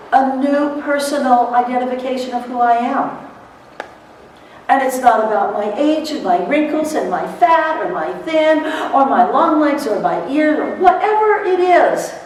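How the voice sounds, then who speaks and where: A middle-aged woman giving a lively motivational seminar to court reporters, telling stories and acting out what people said, laughing often. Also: high voice, normal speed, slight background noise. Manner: animated storyteller, laughs often, acts out quotes. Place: seminar hall. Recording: echoey hall, recorded from far off.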